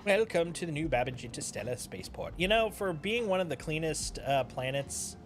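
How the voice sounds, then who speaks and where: A man's voice: fairly high pitch, sing-song, a little fast. A young man streaming a game, chatting casually with playful, jokey asides. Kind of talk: casual gameplay commentary. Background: game music.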